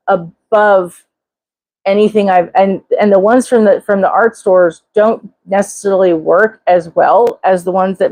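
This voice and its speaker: An older woman hosting a casual live chat, talking in an excitable, rambling way with many restarts. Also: mid-range voice, no room sound, rough recording. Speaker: livestream host.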